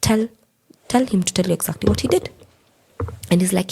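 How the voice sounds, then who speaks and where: Husky, low Kenyan woman telling her story. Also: fairly quick, pauses often, mellow. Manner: recounts events by acting out quoted dialogue. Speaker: podcast guest. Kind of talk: personal storytelling in a podcast.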